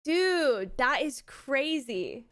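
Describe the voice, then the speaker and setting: A young woman and mother chatting casually on a live stream, excitable and gushing. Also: high voice, drawn-out words, no echo, clean studio sound. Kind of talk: casual chat.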